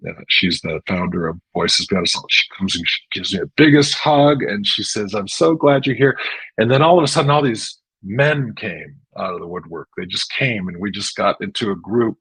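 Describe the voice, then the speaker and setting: A man's voice: low voice, expressive, moderate pace, few pauses, fairly bright tone, husky, no echo, rough recording. A middle-aged man talking earnestly in an interview, telling his story with many restarts. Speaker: interview guest. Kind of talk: casual interview chat.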